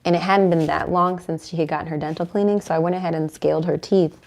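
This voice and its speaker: Mellow-voiced chatty woman tarot reader. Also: deep voice, steady tone, quick pace, gravelly. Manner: chatty, cooing affectionately to her dog. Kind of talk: casual tarot reading chat to camera.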